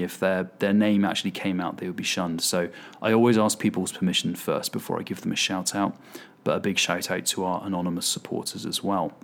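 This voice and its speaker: A man hosting his podcast solo, chatting casually and poking fun at himself with plenty of fillers. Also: on the low side. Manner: chatty and self-deprecating, with fillers. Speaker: podcast host.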